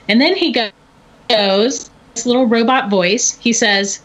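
A middle-aged woman telling a story in casual chat, animated and often laughing. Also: a little high, a little slow. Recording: dull lo-fi recording.

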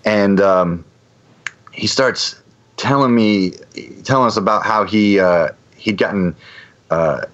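A man's voice: lowish voice, slow, a bit bright, highs cut off. A man casually telling a long anecdote, rambling with frequent restarts and fillers. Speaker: guest storyteller.

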